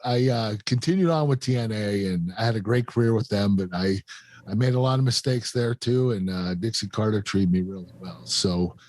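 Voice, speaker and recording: A man in his fifties, a guest on a podcast, telling a painful personal story in a halting, emotional way with many fillers and restarts. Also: fairly low pitch, darkish tone, no room sound. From United States. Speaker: guest, former pro wrestler.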